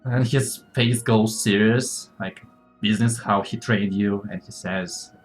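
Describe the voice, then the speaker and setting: A man narrating as game master of a tabletop game, relaxed and quick to laugh at himself. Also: on the low side, faint music behind.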